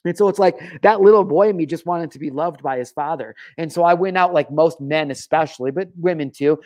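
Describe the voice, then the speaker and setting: Raw, emotional man with a high voice. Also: a little fast, hardly any pauses, a little mellow. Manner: raw, emotional, heavy swearing. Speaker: podcast host. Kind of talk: confessional monologue.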